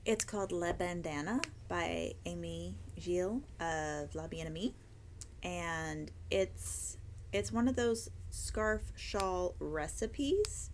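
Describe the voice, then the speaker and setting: A woman's voice: lowish voice, creaky, a little hiss or hum. A woman hosting a casual interview, chatty and enthusiastic as she gushes about yarn. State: hiccups and tired. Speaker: yarn shop owner and host.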